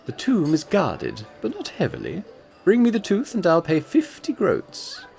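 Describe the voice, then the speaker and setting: Posh scheming lady boss played by a man, haughty and drawling, pitched up high, with soft music behind. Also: wildly swooping pitch, a little slow, vocal fry, husky, heavily acted. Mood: businesslike.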